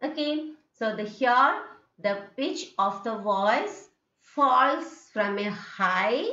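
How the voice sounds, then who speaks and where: In a dull, roomy classroom recording made for distance learning, a woman with an Indian English accent teaches phonetics very slowly. Her fairly high voice is expressive and sharp as she demonstrates rising and falling tones and keeps asking "okay" and "isn't it."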